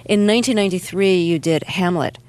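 Low-voiced woman radio host. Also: clean tone. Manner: measured, gently prompting questions. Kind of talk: radio interview.

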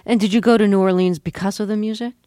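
Female radio interviewer, mid pitch, dry studio sound, crisp and probing questions. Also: steady tone, fast talker, warm tone, dry recording.

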